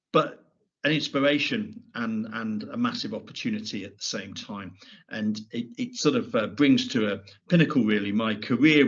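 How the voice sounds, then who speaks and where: A middle-aged man giving a prepared keynote at a conference, speaking in a measured way with frequent restarts and repeated words. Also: on the low side, husky, dull audio.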